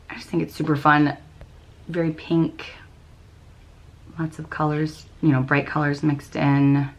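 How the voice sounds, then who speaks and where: A woman's voice: sits low, a bit bright. A young woman hosting a knitting podcast, chatting casually with many ums and little laughs. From United States. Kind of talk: casual chat.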